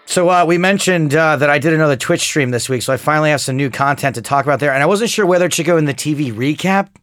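A man's voice: fairly high pitch, fast talker, a bit bright, faint music behind. A man co-hosting a podcast, trading jokes in casual banter. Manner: joking banter. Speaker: podcast co-host. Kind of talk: casual chat.

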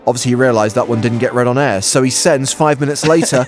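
A man's voice: medium pitch, fast, soft background music. A man co-hosting a podcast, teasing his partner with mock-serious reactions in casual banter. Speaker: co-host.

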